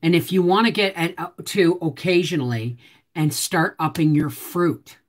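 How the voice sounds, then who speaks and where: A woman's voice: on the low side, normal speed. A woman hosting a live stream from home, chatting with viewers in a chatty, teasing way and answering their comments. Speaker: homestead channel host.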